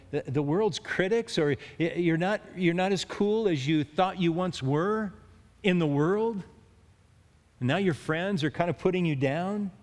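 A man preaching a sermon with a slightly higher voice than most men. He speaks earnestly, stumbling and restarting words, then rising hard on the points he stresses. His voice carries a long reverb, as in a large hall.

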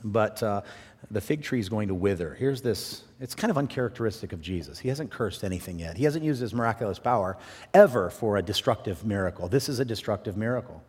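A man pastor preaching a sermon with passion, swinging from loud, rising bursts to quiet, low drops. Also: animated, fast talker, husky. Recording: long reverb in a large hall.

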